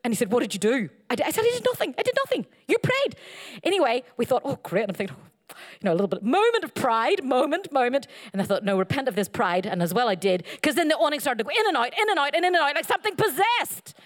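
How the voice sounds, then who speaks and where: A middle-aged woman preaching a sermon, animated and playful, telling humorous stories and slipping into silly voices. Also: quick pace. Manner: animated, playful, jumps into high silly voices for quoted lines.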